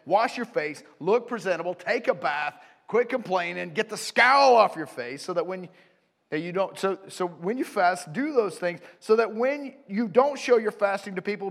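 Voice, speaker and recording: Animated pastor preaching in a reverberant hall. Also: male voice, high voice. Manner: animated, storytelling, frequent "right?" asides. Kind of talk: sermon. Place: church auditorium.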